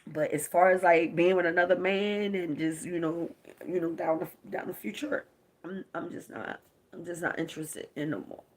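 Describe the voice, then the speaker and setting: Her voice is lowish and fairly even, moving at a moderate clip as this young woman from Baltimore mourns and confides to viewers on a live stream. The phone records her up close, and she often falls to a whisper.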